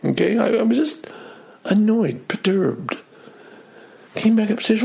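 Middle-aged guy with a gravelly raspy voice telling a story on himself, kinda high and all over the place. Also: unhurried. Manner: animated, self-deprecating, acts out his own angry outbursts. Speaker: vlogger telling a personal story. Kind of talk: casual spoken storytelling.

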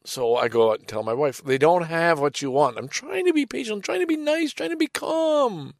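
A middle-aged man telling a casual personal anecdote in a rambling, halting way, with sighs and restarts. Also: a little high, expressive, vocal fry, no echo, clean studio sound. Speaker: storyteller.

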